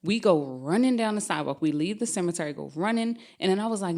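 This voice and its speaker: A woman's voice: fairly low pitch, expressive, fairly quick, few pauses, darkish tone. A woman, guest on a podcast, animatedly telling a true scary story and laughing as she goes. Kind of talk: casual storytelling.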